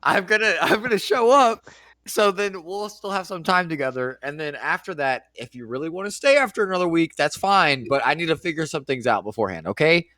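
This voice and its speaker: A man playing a tabletop role-playing game, animated and playful in character, laughing often. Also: on the high side, a little fast. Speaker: player.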